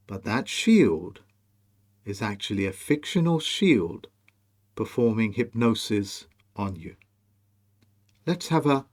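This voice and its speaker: A man presenting a monologue over on-screen images, slow, emphatic and commanding as he speaks straight to the viewer. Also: medium pitch, a little mellow. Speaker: video presenter.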